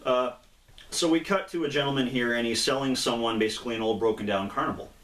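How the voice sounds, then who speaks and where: A man's voice: mid-range voice, fast, fairly bright tone, a little hiss or hum. A man casually retelling a comic book's plot in a rambling way, with lots of fillers and acted-out quotes. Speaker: comic book reviewer, co-host. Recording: echoey room.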